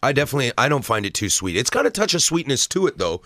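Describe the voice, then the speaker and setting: A man co-hosting a casual beer tasting chat, animated and telling stories. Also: mid-range voice, very fast, dry recording, studio quality. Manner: animated, tells stories and jokes.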